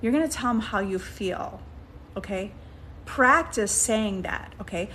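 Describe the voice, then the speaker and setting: A woman's voice: medium pitch, lively intonation, measured pace, bright, forceful tone, slight background noise. A woman giving a casual coaching talk as a manifestation coach, coaxing her listeners and checking in with frequent "okay?" and "right?". She often restarts sentences while thinking aloud.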